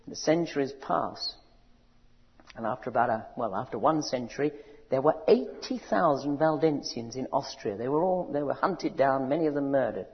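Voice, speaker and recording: A man preaching a sermon, building to loud rousing cries and asking his audience questions. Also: medium pitch, expressive, normal speed. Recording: dull recording in a large reverberant hall.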